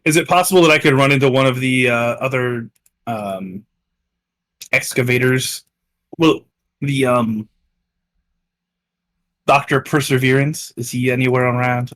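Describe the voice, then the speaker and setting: Halting man at a game table. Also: medium pitch, a bit bright, no echo. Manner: hesitant, halting. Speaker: player.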